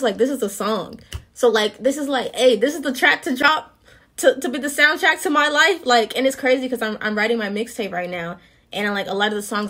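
A young woman giving casual, earnest faith encouragement in a vlog, with slang and a lively way of talking. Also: medium pitch.

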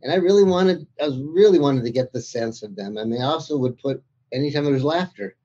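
Author guest: man, warm husky voice, chatty anecdotes with laughs, dull lo-fi audio. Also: mid-range voice, expressive, fast talker. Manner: chatty storyteller, laughs through his anecdotes. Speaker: author being interviewed. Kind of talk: anecdotal interview conversation.

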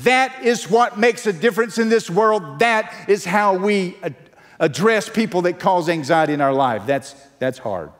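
A male pastor preaching a sermon to a live congregation, earnest and urging, sometimes hushed and sometimes leading loud proclamations. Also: sits high, normal speed. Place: church sanctuary. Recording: long church reverb with faint music.

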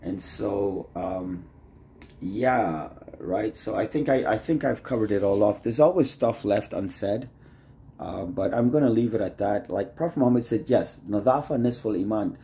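Rambling, mellow-voiced man vlogging. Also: on the low side, unhurried. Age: adult, married. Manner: rambling, loose, leans on "like" constantly; often trails off quieter mid-thought. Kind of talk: casual rambling vlog monologue.

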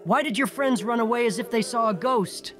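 A man voicing a high, upbeat young bee. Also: a little fast, a bit bright, soft background music. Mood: cheerful. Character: friendly young male honeybee.

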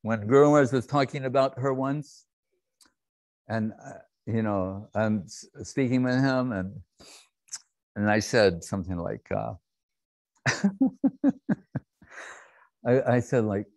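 A man giving a devotional talk, telling stories in an animated way, acting out scenes and laughing often. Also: lowish voice, a little slow, long pauses.

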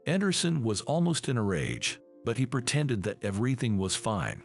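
A man narrates a dramatic story with a gravelly edge and a lively, rising and falling delivery. He keeps the same steady voice for every character. Faint music plays quietly behind him. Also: medium pitch, normal speed. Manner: reads all characters in one steady voice.

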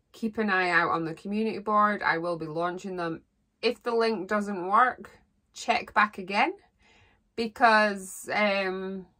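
A woman's voice: lowish voice, a bit bright. A woman giving a rambling, heartfelt tarot reading as a psychic. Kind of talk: solo tarot reading monologue.

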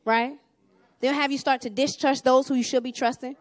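Animated woman preaching a sermon, high-voiced. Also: moderate pace, dry recording, a faint crowd. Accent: Southern US. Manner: animated, swings from hushed asides to loud exhortation.

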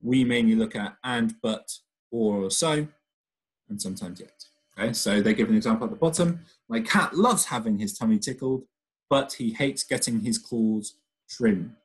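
A man's voice: mid-range voice, normal speed, rough recording. A man, a primary school teacher, talking a young class patiently through a recorded remote lesson, step by step. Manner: reads the story aloud with lively expression.

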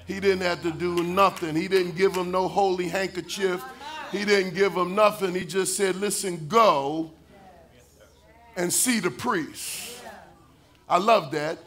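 Pastor, male, high bright voice, preaching with call-and-response, rising to shouts and sung lines. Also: fairly even intonation, normal speed. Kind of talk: sermon.

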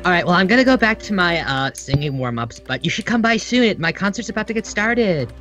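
A woman voicing a scheming female villain singer in dramatic, drawn-out game voiceover. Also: lowish voice, big pitch swings, a bit bright, soft background music. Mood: chirpy. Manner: dramatic, drawn-out monologue delivery. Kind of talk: hammy voiceover of game dialogue.

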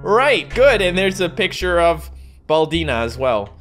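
A man doing jokey, excitable commentary while playing a video game, laughing often. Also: a little high, measured pace, soft background music. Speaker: gaming YouTuber. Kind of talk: let's-play commentary.

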